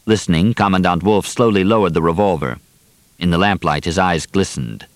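A man reading a novel aloud as narrator, measured and steady. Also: low voice, dry recording. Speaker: audiobook narrator. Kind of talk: scripted narration.

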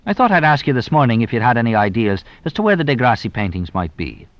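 A man's voice: mid-range voice, sing-song, fast, no room sound, muffled recording, voice pushed up, natural voice. A man voicing a shrewd, teasing police inspector who probes with dry, mock-innocent questions. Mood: sly.

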